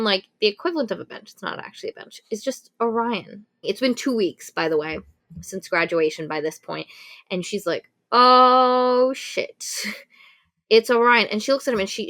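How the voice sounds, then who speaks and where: A woman's voice: mid-range voice, a bit bright. A woman co-hosting a book podcast, retelling a plot casually and animatedly, swearing and acting out quotes. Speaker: podcast co-host. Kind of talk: casual book review chat.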